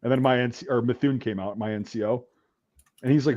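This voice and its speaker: A man telling profane army stories in casual chat, acting out the yelling. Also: medium pitch, a little fast, lo-fi sound, slight background noise. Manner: profane, animated storytelling, acts out yelling. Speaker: podcast host, veteran telling army stories.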